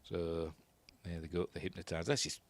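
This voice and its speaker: A man's voice: low-pitched, level tone, a little fast. A man with a Yorkshire accent giving a casual, rambling commentary while watching a film, often unsure of himself and chuckling at his own asides. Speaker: film reviewer.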